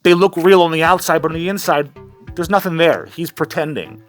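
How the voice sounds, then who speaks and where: A man's voice: a little high, steady tone, brisk, soft background music. A man ranting in a heated, sarcastic commentary vlog, swearing freely. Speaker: commentary channel host.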